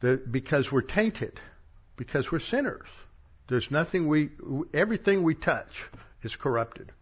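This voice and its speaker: A male pastor giving a sermon, reading verses aloud and pausing for plain-spoken asides. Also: on the high side, big pitch swings, slightly rough, dull audio. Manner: reads verses aloud, stressing key words, with asides. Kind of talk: sermon teaching from scripture.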